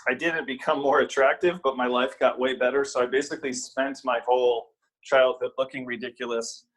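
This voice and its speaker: A middle-aged man speaking as a podcast guest in an easy, conversational way. He hammers home his points by repeating them and mixes in self-mocking jokes, with a voice of ordinary, mid-range pitch. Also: steady tone, a little fast, fairly bright tone, low-quality recording. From Wisconsin. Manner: emphatic, repeats key phrases, self-deprecating humor. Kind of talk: casual podcast interview.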